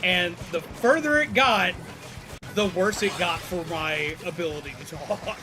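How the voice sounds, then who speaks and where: A man's voice: high-pitched, a little slow. A man from Alabama with a Southern accent, chatting casually as he streams a game and rambles through a story. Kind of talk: casual chat while gaming. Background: game music.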